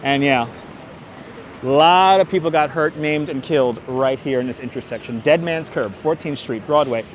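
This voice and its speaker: Speaking at a moderate pace in a slightly high voice, a chatty male streamer and city walking guide leads a casual livestream tour outside on busy streets. He answers viewers by name and explains street history into a wireless clip-on mic as faint traffic plays behind.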